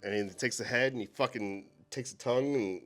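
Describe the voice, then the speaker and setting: A man co-hosting a casual chat about horror movies, animated and swearing freely. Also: mid-range voice, fairly quick, faint music behind. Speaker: co-host.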